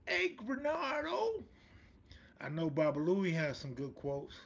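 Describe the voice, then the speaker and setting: A man's voice: fairly high pitch, steady tone, moderate pace, a little mellow, lo-fi sound. A man hosting a live stream, chatting casually in street slang and answering viewers' comments. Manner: laid-back street slang, reads and answers chat comments. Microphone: streaming mic.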